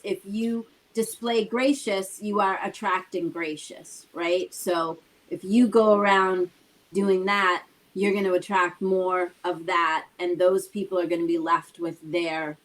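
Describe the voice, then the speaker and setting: A woman's voice: on the low side, a bit bright, low-quality recording. A woman co-hosting a talk show who explains her points conversationally and drives them home with rhetorical questions. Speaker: co-host. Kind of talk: casual motivational talk.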